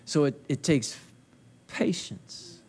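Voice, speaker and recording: Folksy man preaching at a conference, high voice, swings from quiet teaching to loud exhortation. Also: animated, takes it slowly, creaky, slightly rough. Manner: call-and-response preaching, rising to loud emphatic peaks; folksy, with colloquial phrasing. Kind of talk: sermon. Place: conference hall. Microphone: handheld mic.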